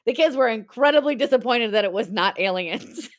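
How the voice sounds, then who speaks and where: A woman's voice: fairly high pitch, fairly quick, few pauses. A woman in her forties talks in a loose, chatty way while hosting a live-stream sale. She tells stories, laughs often and answers comments from viewers as they come in. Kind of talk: casual live-stream chat.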